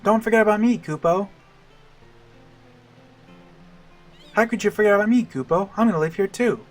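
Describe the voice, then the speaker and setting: A man voicing a small, excitable moogle creature in a game, high and eager, tacking a little cry onto his lines. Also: fast talker, soft background music, natural voice. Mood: pleading.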